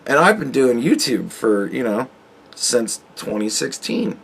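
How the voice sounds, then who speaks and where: A man's voice: medium pitch, big pitch swings, unhurried, gravelly, fairly bright tone, husky. A man in his forties, a YouTube commentator ranting sarcastically with heavy profanity straight at the viewer. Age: 40s.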